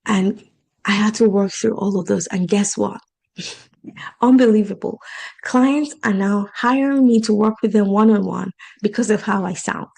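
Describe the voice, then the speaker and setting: A woman's voice: mid-range voice, normal speed, vocal fry, darkish tone, breathy edge, rough recording. A woman with an accent who works as a life and financial coach, talking casually and encouragingly about her coaching program and repeating points for emphasis. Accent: non-native English accent.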